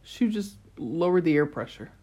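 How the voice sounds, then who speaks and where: A woman voicing a calm, patient young male god in an audiobook. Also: deep voice, moderate pace. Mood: reassuring.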